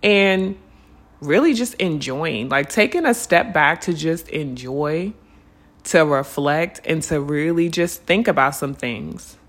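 Earnest woman hosting a reflective podcast. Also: sits low. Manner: casual, conversational, addresses listeners as "y'all" and "unicorns"; earnest and lively, stretching words when urging listeners to slow down. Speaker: podcast host. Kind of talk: reflective spiritual podcast monologue.

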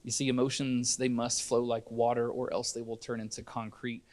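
A man's voice: mid-range voice, little pitch movement, moderate pace, darkish tone. A middle-aged man preaching a sermon in church, earnest and conversational, often restarting his sentences. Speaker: pastor.

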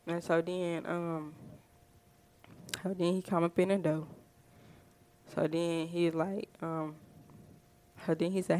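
A woman's voice: on the low side, fairly even intonation, slow, pauses often, dark tone. A woman podcast host, telling a story in a chatty, rambling way with lots of fillers. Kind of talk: casual storytelling.

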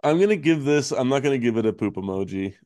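A man hosting a podcast, talking in a laid-back, rambling way with fillers and soft laughs. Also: mid-range voice, lively intonation, quick pace, no room sound, clean studio sound. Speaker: podcast host. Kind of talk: casual chat.

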